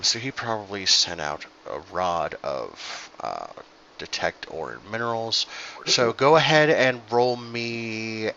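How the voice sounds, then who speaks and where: A man's voice: lowish voice, pushed and bright, highs cut off, slight background noise. A man running an online tabletop game as game master, talking casually with many fillers and explaining the rules.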